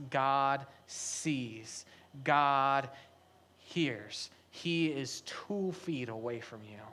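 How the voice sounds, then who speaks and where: A man's voice: medium pitch, a bit bright. A man giving a sermon as pastor, telling a family story conversationally with light humor.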